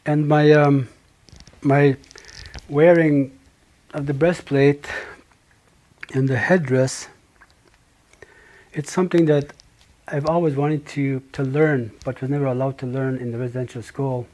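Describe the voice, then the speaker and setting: Slow, soft-spoken man sharing testimony. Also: medium pitch, steady tone. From Manitoba, Canada. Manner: slow, halting, reflective with pauses and restarts. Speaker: speaker sharing his life story. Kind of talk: personal testimony.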